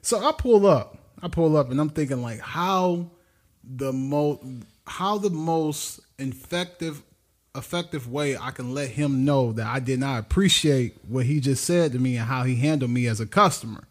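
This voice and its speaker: A man's voice: mid-range voice, normal speed. A man co-hosting a podcast, telling a story in casual chat, laughing often and acting out the people he quotes. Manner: animated, laughing storyteller who acts out quotes. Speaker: podcast co-host.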